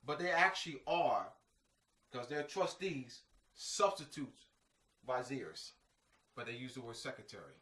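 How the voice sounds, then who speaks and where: A man's voice: mid-range voice, animated, unhurried, long pauses, a bit bright. A man giving an informal lecture, emphatic and repetitive, full of slang asides like "man" and "you know what I mean". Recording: echoey room, mic at a distance.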